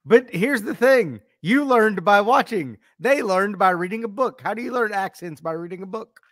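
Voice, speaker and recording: A man's voice: high-pitched, lively intonation, moderate pace, a bit bright, no echo, studio quality. A man co-hosting a podcast who heckles and mocks the others and reads fun facts in casual chat. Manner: mocking, heckling. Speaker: podcast co-host.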